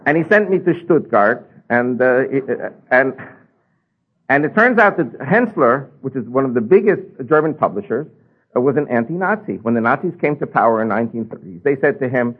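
A man telling his personal testimony to listeners in an animated storytelling way, with sharp rises and drops in his voice. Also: medium pitch, brisk, husky. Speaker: speaker giving a testimony. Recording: tinny phone-like radio broadcast.

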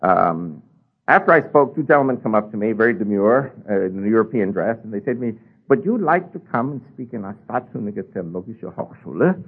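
A man telling his personal testimony to listeners in an animated storytelling way, with sharp rises and drops in his voice. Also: lowish voice, brisk, breathy edge. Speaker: speaker giving a testimony. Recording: tinny phone-like radio broadcast.

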